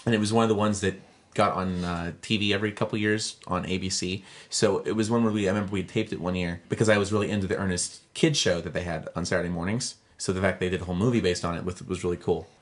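A man's voice: deep voice, steady tone, fast talker. A man co-hosting a casual podcast, rambling nostalgically and restarting his sentences. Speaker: podcast co-host. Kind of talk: casual chat.

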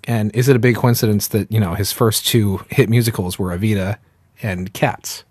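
A man's voice: lowish voice, normal speed, dry recording. A man co-hosting a podcast in casual chat, telling invented facts with a straight face. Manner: deadpan, tells made-up facts as jokes. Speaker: podcast co-host.

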